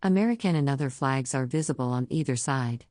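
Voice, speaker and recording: A woman reads an audio description of the scene, neutral and even. Her voice is strikingly deep for a woman. The sound is dry and close, with no room around it. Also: brisk, no room sound. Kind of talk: scripted narration.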